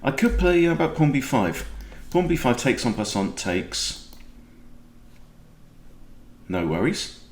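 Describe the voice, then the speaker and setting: A man's voice: mid-range voice, very animated, slow, pauses often, a little mellow, reverberant, slight background noise. A man with a Welsh accent, a chess coach chatting and joking as he thinks aloud through a game. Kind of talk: casual game commentary.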